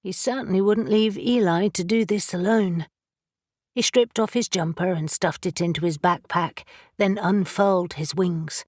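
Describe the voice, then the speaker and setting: A woman narrating a fantasy audiobook in an even, measured storytelling manner. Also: lowish voice, no echo, clean studio sound. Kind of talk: scripted narration.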